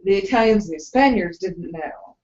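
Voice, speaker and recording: A woman's voice: medium pitch, lively intonation, normal speed, a little mellow. Woman, casual talk, chatty asides, echoey room, dull lo-fi sound. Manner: chatty, tangential, jumps in with asides. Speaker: podcast co-host. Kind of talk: casual discussion.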